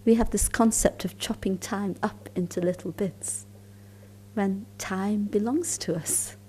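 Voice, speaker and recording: A woman giving a spiritual talk at a conference, telling stories calmly and unhurriedly, sometimes dropping into soft, near-whispered asides. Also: medium pitch, a little slow, slight background noise. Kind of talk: storytelling lecture at a conference.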